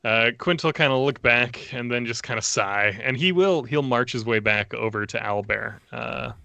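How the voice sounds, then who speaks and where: Man, tabletop player, bright tense tone, gravelly, easygoing, describing his character's moves. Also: mid-range voice, normal speed, dry recording. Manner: easygoing, describes actions with frequent fillers. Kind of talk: narrating his character's actions in a tabletop game.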